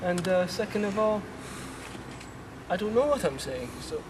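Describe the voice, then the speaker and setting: A man hosting a spoof town tour, talking outdoors in a rambling, deadpan way with swearing asides. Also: sits high, a little slow. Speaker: spoof town guide host. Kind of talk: mock-serious walking tour monologue. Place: outdoors in town streets, windy. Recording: windy outdoor sound, far from mic.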